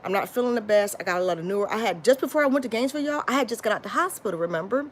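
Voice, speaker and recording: A woman's voice: mid-range voice, racing. Woman, casual vlog storytelling, rambling, tired, faint background noise. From Florida. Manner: rambling, lively, addresses viewers as y'all, frequent restarts. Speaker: vlogger. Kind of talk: casual storytime chat to viewers.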